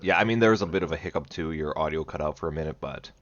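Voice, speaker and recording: A man's voice: rumbling low, racing, a bit bright, dry recording, highs cut off. A man hosting a casual game reading who jokes and swears between lines. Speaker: let's play host reading lines.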